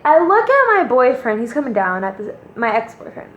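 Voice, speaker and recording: A young woman casually telling a story to her viewers, animated and slangy, calling them "girl". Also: on the high side, fairly quick, muffled recording, a little hiss or hum. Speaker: vlogger. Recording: roomy echo.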